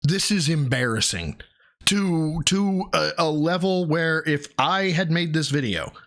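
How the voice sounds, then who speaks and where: Man, stream host, casual commentary, lively swooping delivery, fairly high voice, mocking, swears a lot. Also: a little slow. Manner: animated, profane, mocking. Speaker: streamer host reacting to a video.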